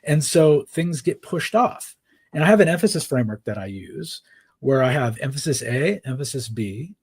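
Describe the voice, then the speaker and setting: A man with a slightly husky voice talks through his ideas as a podcast guest. He explains in a conversational way and keeps checking in with the listener. His pitch sits in a middle range. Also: a little mellow, no room sound. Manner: explains frameworks with many "right?" tags. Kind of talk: conversational interview.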